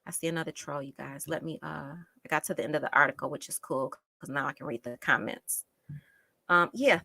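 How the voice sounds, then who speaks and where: A woman talking through a live stream in a casual, emphatic way. Her voice sits low but comes out bright and forceful, and she repeats phrases to drive home her frustration. The sound is close and dry. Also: a little fast, creaky, dry recording.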